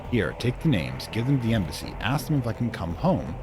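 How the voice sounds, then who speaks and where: A man's voice: lowish voice, very animated, a little fast, music in the background, voice pushed up. A gushing she-devil noble stranded far from home, as a man does her voice, raised above his own register, fluttery and theatrical, swooping between coy and pleading, game figure read aloud. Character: giddy scheming female devil aristocrat in exile.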